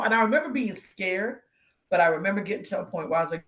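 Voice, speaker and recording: A fast-talking woman with a medium-pitched voice acts as guest co-host on a live show, relating a personal testimony. She's lively and mimics the voices of the figures in her story.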